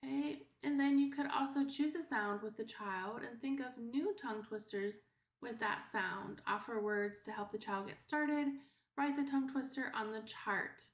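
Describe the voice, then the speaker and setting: A preschool teacher, a woman, giving parents an unhurried, explanatory lesson with frequent fillers. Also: a little high. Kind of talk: instructional video for parents. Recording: echoey room.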